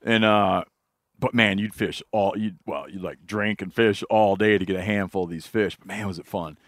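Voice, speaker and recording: A man's voice: lowish voice, normal speed, a bit bright, no echo, studio quality. A man hosting a podcast, telling rambling fishing stories and laughing along in casual chat. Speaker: podcast host.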